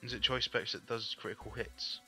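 A man's voice: mid-range voice, little pitch movement, a little fast, pushed and bright, soft background music. A man giving frustrated live gameplay commentary, swearing often and breaking into angry outbursts. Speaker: gaming YouTuber.

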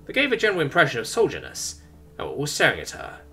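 A man narrating a science fiction story as an audiobook, with wry, expressive storytelling. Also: medium pitch, fast talker, faint music behind.

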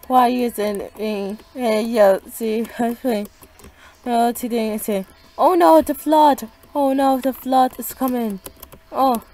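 Woman, high-pitched, unhurried, excitable, gameplay commentary, panicky repeated exclamations. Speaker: gameplay channel host.

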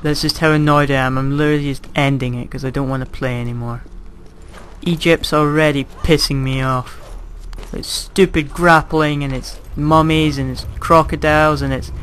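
A man's voice: fairly high pitch, steady tone, normal speed, a bit bright, a little hiss or hum. A young man giving casual gameplay commentary, self-mocking and sarcastic, swearing when he gets frustrated. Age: young adult. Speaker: gaming commentator.

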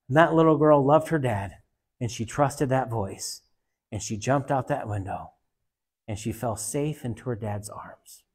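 In an unhurried, mid-range voice with a slight roughness, a man preaches a sermon, tells a story, and leads a prayer. He is earnest and repetitive, sometimes softening to a hush.

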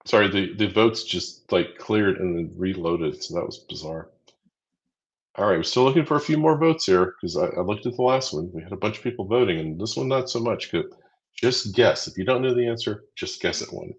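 An upbeat, chatty man co-hosts a live training stream, counting down quiz answers and cheering viewers on. His voice sits on the low side. The audio is dull and lo-fi. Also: animated, fairly quick. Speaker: livestream co-host running a quiz. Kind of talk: casual livestream teaching.

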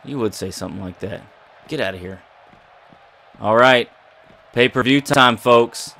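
A man's voice: mid-range voice, a little slow, creaky, pushed and bright. A man giving playful, jokey commentary over a wrestling video game and talking back to its characters. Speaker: gaming YouTuber. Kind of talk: casual gameplay commentary.

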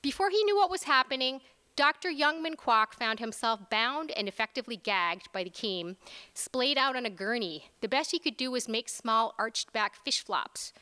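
A woman author reading her own fiction aloud at a conference, expressive and switching into character voices. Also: on the high side, moderate pace, smooth. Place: large lecture hall. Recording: reverberant lecture hall.

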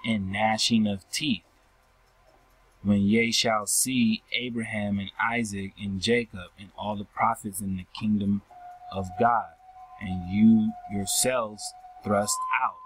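A lowish, steady male voice reads scripture and explains each verse, checking in by ending almost every phrase with a questioning "right?" The scripture teacher goes slowly and repetitively and calls his listeners family. A little hiss or hum marks the low-quality recording.

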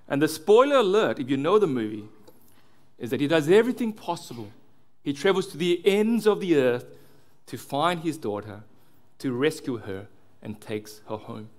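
A male pastor delivering a sermon, earnest, dropping low and soft on key words. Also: animated, normal speed.

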